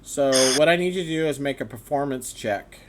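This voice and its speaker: A man's voice: fairly high pitch, expressive, a little fast, noisy background. A man running a tabletop game as dungeon master, laughing and stammering as he narrates.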